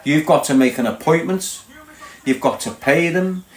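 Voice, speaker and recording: A man's voice: fairly high pitch, moderate pace. A man with a Liverpool accent talking bluntly to his live viewers, lecturing and asking again and again if they understand. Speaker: livestream host. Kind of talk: casual rant to live viewers. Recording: echoey room.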